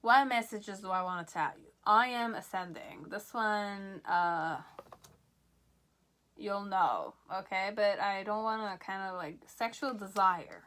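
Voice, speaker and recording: Slow, bright-voiced excitable tarot reader woman. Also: medium pitch. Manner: excitable, repeats "okay?" often, laughs. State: out of breath. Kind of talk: pick-a-card tarot reading.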